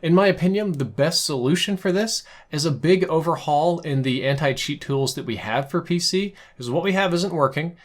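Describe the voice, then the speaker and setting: A gaming YouTuber in America records from his home setup, speaking a little high at normal speed with few pauses. His commentary is opinionated and conversational, a casual rant full of restarts.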